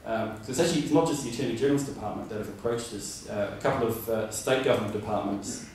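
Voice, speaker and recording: A man's voice: fairly low pitch, fast talker, a little mellow, slight background noise. A man giving a conference presentation, rambling with many fillers and restarts. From Australia. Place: conference room. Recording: roomy hall from far off.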